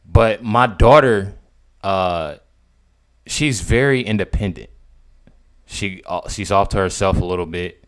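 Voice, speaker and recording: A young man, commenting casually on a video clip. He is incredulous, swinging between loud outbursts and low mutters. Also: takes it slowly, pauses often.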